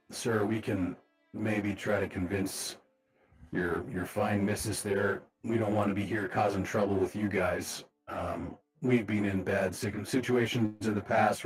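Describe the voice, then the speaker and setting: A low-voiced man at a tabletop game, speaking in character. He sounds easygoing and dry-humored, even when he talks about fighting. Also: measured pace, faint music behind. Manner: easygoing, wry. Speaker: player. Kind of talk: in-character roleplay.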